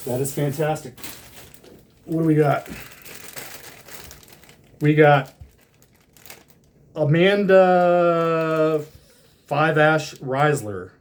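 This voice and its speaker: A man's voice: on the high side, a little hiss or hum. A man casually talking through an unboxing of hats, rambling with lots of fillers and restarts.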